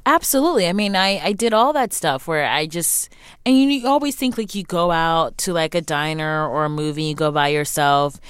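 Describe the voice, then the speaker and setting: A young adult woman talking candidly as an interview guest, emphatic and animated, acting out what other people said to her. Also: low voice, normal speed, smooth, dry recording, studio quality. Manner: animated, emphatic, acts out quoted remarks.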